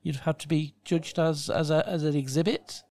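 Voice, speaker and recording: A man hosts an interview, nudging his guest along with short affirmations and halting questions. His voice is gravelly and a touch high. The sound is dry and close. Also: fairly even intonation, darkish tone, no room sound. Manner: encouraging, hesitant questions. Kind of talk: conversational interviewing.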